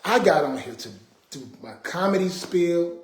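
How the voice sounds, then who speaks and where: A man's voice: fairly high pitch, expressive, moderate pace. A man hosting a casual livestream, talking in an exasperated, preachy way to his viewers. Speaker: livestream host. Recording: roomy echo.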